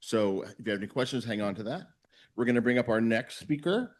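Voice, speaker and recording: A man's voice: mid-range voice, lively intonation, a little fast. A man hosting an event, reading an introduction of the next speaker and stumbling over foreign names.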